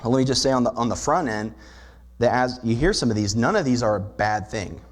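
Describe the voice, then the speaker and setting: A man's voice: medium pitch, brisk. A male pastor preaching a sermon in a church, explaining scripture earnestly and posing rhetorical questions to the congregation. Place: church sanctuary.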